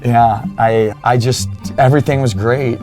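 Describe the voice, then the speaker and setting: A man's voice: mid-range voice, fairly even intonation, measured pace, music in the background. A young man, a fitness coach as a podcast guest, earnestly telling his own story and acting out remembered conversations. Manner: earnest, acts out remembered dialogue. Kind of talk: personal storytelling in an interview.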